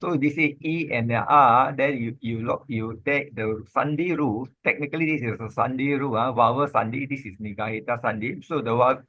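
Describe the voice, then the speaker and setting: A man teaches Pali grammar in an informal lesson, halting and repeating himself with many "ah" and "lah" fillers. His voice is medium-pitched and fairly bright, and the lo-fi recording has no room sound.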